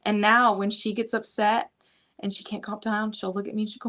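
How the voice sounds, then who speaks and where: A woman's voice: mid-range voice, little pitch movement, fairly quick, a bit bright. A young adult woman talking casually as a podcast guest, rambling with many fillers. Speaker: guest, fitness coach and mother.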